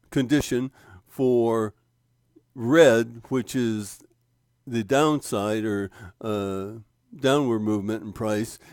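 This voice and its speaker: A man slowly talking through a trading chart on screen, with many pauses, fillers and restarts as he points things out. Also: medium pitch, a little mellow, dry recording, studio quality. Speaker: trading instructor. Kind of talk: screen-share walkthrough of a trading indicator.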